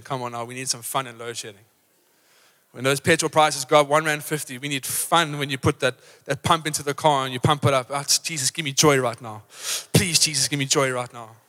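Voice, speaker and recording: A man preaching an energetic, rousing live sermon in a church, acting out his examples. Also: on the high side. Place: church auditorium. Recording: live church hall reverb.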